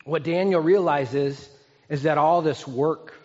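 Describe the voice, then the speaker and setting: A man in his fifties preaches with an earnest, conversational manner, turning to his listeners with questions. His voice sits a little high for a man. The sound is muffled and rings with a long hall echo. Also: slow, darkish tone. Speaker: pastor. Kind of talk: sermon. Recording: echoey hall, dull sound.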